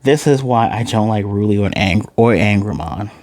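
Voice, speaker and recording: A man's voice: lowish voice, moderate pace. A man casually recapping and ranting about an anime episode, rambling and acting out the characters' lines as he goes. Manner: animated retelling, acts out lines, rambling. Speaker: anime reviewer.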